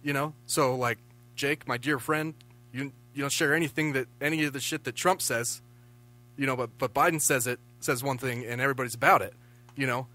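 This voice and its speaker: A man co-hosting a podcast, talking politics in a casual, opinionated and animated way, swearing freely. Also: mid-range voice, brisk. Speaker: podcast co-host.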